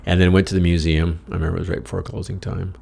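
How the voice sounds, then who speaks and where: A man's voice: low-pitched, flat delivery, racing, gravelly, a little mellow, slight background noise. An American man telling a rambling travel story in a wry, profane, self-mocking way. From United States. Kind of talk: casual personal storytelling.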